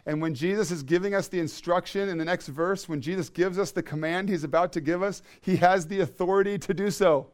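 Pastor, man, fairly high voice, emphatic sermon delivery with repeated key phrases. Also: fairly quick, few pauses.

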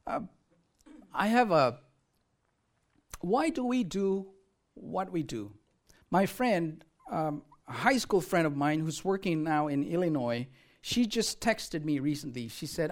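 A preacher giving a lively sermon, often throwing questions out to the listeners. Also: medium pitch, takes it slowly. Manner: animated, asks the audience questions.

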